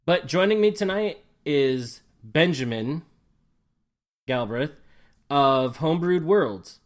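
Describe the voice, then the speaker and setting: A male podcast host whose voice sits a little high for a man. He talks in a friendly, chatty way, welcoming his guest and asking questions conversationally. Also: animated, slow pace. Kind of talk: casual podcast interview.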